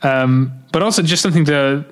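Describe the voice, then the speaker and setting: A man's voice: fairly high pitch, a little fast. A man with a Midwestern accent co-hosting a casual podcast chat, rambling with lots of fillers and restarts. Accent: Midwestern American. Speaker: podcast co-host.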